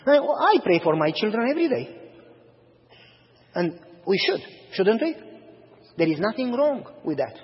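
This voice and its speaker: A man preaching a sermon as pastor, telling stories in an animated way and acting out the dialogue. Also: high voice, measured pace, pauses often. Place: church sanctuary. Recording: reverberant hall, slightly dull sound.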